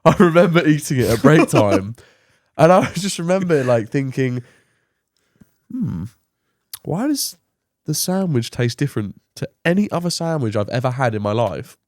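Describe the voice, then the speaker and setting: A young man chats at a middle pitch, rambling through a story and laughing as he goes. His voice sounds dry and close, with no room around it. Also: lively intonation, a little fast, hardly any pauses, no echo. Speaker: podcast co-host, son. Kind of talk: casual chat.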